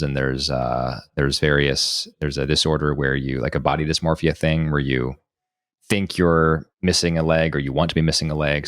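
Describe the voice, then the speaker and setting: A man's voice: extremely low pitch, a bit bright, no room sound, studio quality. A man co-hosting a podcast, thinking aloud and reasoning through his guesses in casual chat. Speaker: podcast co-host.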